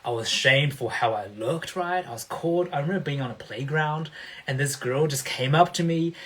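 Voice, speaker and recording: Male coach, slightly high voice, emphatic and motivational, livestream host who keeps checking in with his audience. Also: moderate pace, fairly bright tone.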